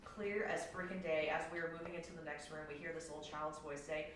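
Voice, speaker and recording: A woman's voice: low voice, steady tone, quick pace, a bit bright. A woman, a paranormal investigator, chatting casually and telling stories with a slightly sore, coughing throat. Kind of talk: casual chat. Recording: echoey, distant, noisy room.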